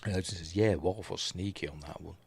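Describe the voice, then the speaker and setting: A man with a Yorkshire accent, his voice going hoarse, rambling through a live casual episode recap with lots of ums and asides. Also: low voice, a little fast, darkish tone. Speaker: streamer reviewing TV episodes.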